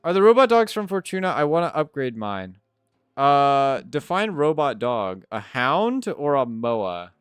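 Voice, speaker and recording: Male streamer, casual and profane, easily sidetracked, animated delivery, clean resonant voice. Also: medium pitch, measured pace, smooth, no room sound, clean studio sound. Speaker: live streamer answering chat. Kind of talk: casual live-stream chat.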